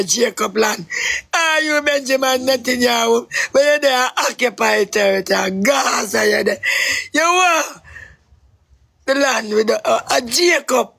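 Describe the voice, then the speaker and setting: A Jamaican man on a live stream, rambling and swinging between shouting and crying. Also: very high voice, measured pace, vocal fry. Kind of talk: emotional live stream rant.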